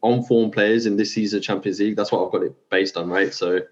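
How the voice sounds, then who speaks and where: A man's voice: on the low side, fairly even intonation, brisk, dull audio. A man as a guest in a casual football chat, emphatic and punctuating his points with "man". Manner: emphatic, says "man" and "do you know what I mean".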